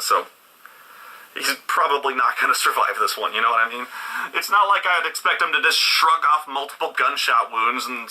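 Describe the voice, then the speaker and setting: A man's voice: medium pitch, bright, forceful tone, slight background noise, low-quality recording. A man doing sarcastic, profane comedy review commentary and mocking what he watches. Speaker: film and TV reviewer.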